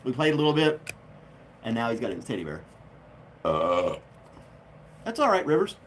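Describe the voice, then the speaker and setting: A man's voice: mid-range voice, wildly swooping pitch, normal speed, slight background noise. A man hosting a casual home livestream, chatting with viewers and reading their comments, with a jokey manner and a habit of laughing at his own jokes. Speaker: livestream host.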